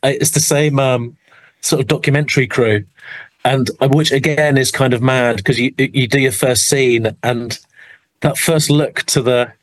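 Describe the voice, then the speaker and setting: Rambling English actor, easygoing. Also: male voice, mid-range voice, fairly even intonation, normal speed, poor audio. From England. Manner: rambling, self-deprecating, many restarts and fillers. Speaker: actor, interview guest. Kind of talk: casual interview chat.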